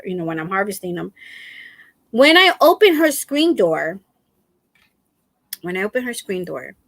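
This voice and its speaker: A middle-aged woman hosting a crafting livestream, telling a story to her viewers in a casual, animated way, laughing often and repeating herself. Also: mid-range voice, no echo. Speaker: crafting channel host.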